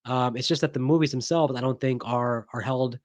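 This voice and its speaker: A man's voice: medium pitch, fairly even intonation, a little fast, dry recording, lo-fi sound. A man hosting a casual vlog as a horror movie reviewer. He talks in a chatty, opinionated way, with frequent ums and restarts.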